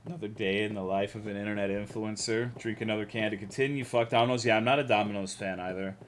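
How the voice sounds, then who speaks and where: A man's voice: on the low side, fairly even intonation, fast talker, a little hiss or hum. A young American man streaming a game, chatting casually and ranting with lots of swearing while reading chat aloud. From United States.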